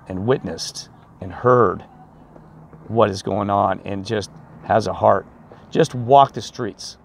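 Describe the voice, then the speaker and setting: Man, low voice, rambling preachy street rant, filmed outdoors. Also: vocal fry, darkish tone. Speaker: vlogger.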